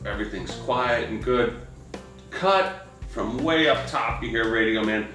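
A man's voice: mid-range voice, unhurried, pushed and bright, faint music behind. A man, a film crew member, recalling set moments with amusement in an interview. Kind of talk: interview anecdote. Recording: echoey room.

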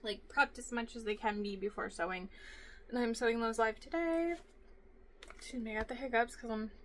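Filmed on a phone camera with slight background noise, a woman with a medium-pitched, bright and forceful voice vlogs from her home sewing office. It's casual chat, as she rambles through her craft work full of fillers.

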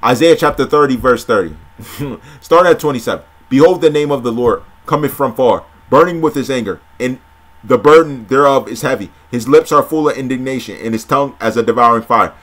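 A man reading old-style scripture aloud, now and then breaking off to comment in casual slang. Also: medium pitch. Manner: reads steadily, breaks off into excited slangy commentary. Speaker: scripture reader and preacher.

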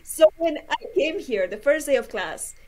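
A young woman hosting a casual interview, chatty and soft-spoken when asking questions. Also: sits high, expressive, normal speed. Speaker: podcast host.

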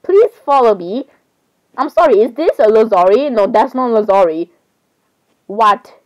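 A young woman with a slightly high voice chats loosely for her vlog. She rambles, giggles, and cuts herself off mid-thought as she talks. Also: animated, a little slow, a little mellow, dull audio. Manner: rambling, giggly, self-interrupting. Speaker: vlogger. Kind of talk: casual chat over screen browsing.

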